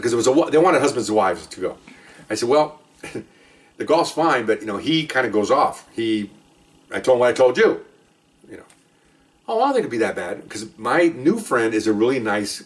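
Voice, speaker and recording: A man telling old police stories in a casual, rambling way, slipping into the voices of the people in them. His voice sits at an ordinary pitch and lifts sharply when he gets worked up. The mic is set a little away from him. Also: distant mic. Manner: animated retelling, acts out quoted voices. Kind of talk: casual storytelling.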